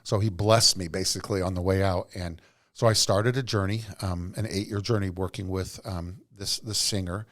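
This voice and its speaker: A man's voice: low-pitched, fairly even intonation, moderate pace, fairly bright tone. A middle-aged man, a podcast guest, telling earnest, rambling stories from his working life. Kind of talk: casual storytelling interview.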